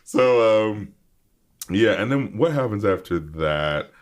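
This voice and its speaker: A man's voice: fairly low pitch, lively intonation, takes it slowly. A man co-hosting a podcast, casually recapping a cartoon episode, laughing often and acting out scenes. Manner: laughs often, retells scenes with put-on voices. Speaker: podcast co-host.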